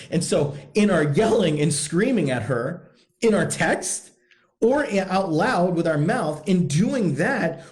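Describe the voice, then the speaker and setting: A man's voice: fairly high pitch, a little mellow. A man coaching husbands in a blunt, profane, emphatic monologue, hammering points home by repeating them. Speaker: podcast host, men's coach.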